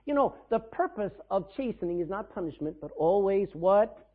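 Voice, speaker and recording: A man delivers a sermon as pastor, his voice pitched high and driven with emphasis. He fires questions at the congregation and calls for answers. The recording is thin and phone-like. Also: expressive, normal speed, husky. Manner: emphatic preaching with call-and-response questions.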